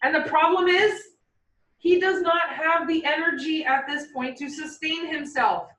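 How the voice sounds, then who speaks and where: A woman's voice: high-pitched, a little slow, slight background noise. A woman teaching a biology class, explaining cells in a playful, joking way. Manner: lively, joking with students. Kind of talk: classroom lecture with playful dramatization. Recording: echoey classroom, mic far from speaker.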